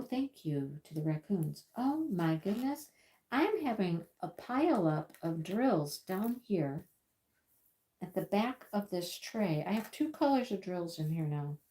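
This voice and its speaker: A woman's voice: medium pitch, a little mellow. A woman hosting a casual livestream from her crafting table at home, chatting in a rambling way and often repeating her words. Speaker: livestream host. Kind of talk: casual live-stream chat while crafting.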